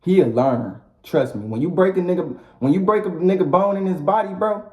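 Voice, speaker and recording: A man's voice: sits high, normal speed, darkish tone. A man ranting casually as a vlogger, blunt and profane, with lots of repetition. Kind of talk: casual rant to the camera. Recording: roomy echo.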